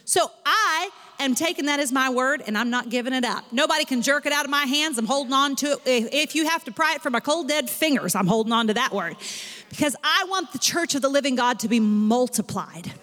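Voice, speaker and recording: A woman pastor preaching a sermon in an animated way, rising in emphasis as she makes her points. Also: high-pitched, brisk, long reverb tail.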